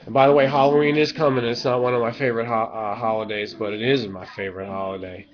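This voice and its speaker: A man ranting in a rambling vlog monologue, swinging from low mumbles to loud, drawn-out shouting. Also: steady tone, crowd noise. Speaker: vlogger. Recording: dull lo-fi webcam audio.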